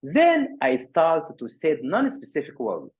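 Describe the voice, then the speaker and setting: A man giving a workshop lecture on physical therapy, animated, often repeating words and restarting. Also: a little high, a little slow, breathy edge. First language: Arabic.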